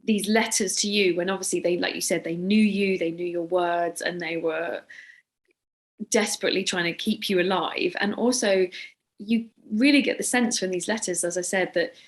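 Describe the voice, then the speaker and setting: A woman's voice: on the low side, steady tone, moderate pace. Give me an earnest, reflective woman as an interviewer. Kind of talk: interview conversation.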